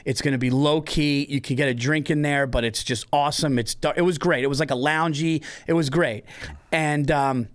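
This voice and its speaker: A man hosting a comedy podcast, telling stories with lively acted-out quotes. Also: fairly high pitch, normal speed. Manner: animated storytelling, acts out quotes. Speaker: podcast host. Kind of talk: casual comedy podcast chat.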